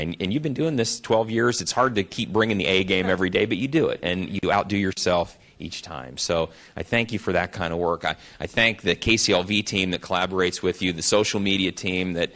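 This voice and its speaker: A man's voice: deep voice, a little fast, few pauses, a bit bright. A man speaking earnestly at a council meeting, praising an employee, with fillers and restarts. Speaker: council member presenting an award. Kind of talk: ceremonial speech at a council meeting.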